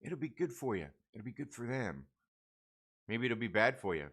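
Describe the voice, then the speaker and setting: Blunt, bright-voiced rambling man. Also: medium pitch, sing-song, normal speed, husky. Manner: blunt, rambling, profane, restarts often. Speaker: comic book channel host. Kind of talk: casual livestream rant.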